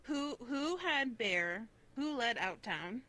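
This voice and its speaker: A woman's voice: on the high side, lively intonation, slow, pushed and bright, exaggerated voice. A woman voicing a simple-minded, fretful creature in a live virtual roleplay, speaking in broken, repetitive phrases. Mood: insistent.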